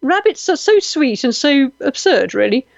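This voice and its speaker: Hosting a live radio show from Malta, this woman reacts animatedly to listener comments and spins jokey anecdotes, full of exclamations and self-deprecating humor. Her high, creaky voice moves at a normal speed, captured lo-fi without any echo.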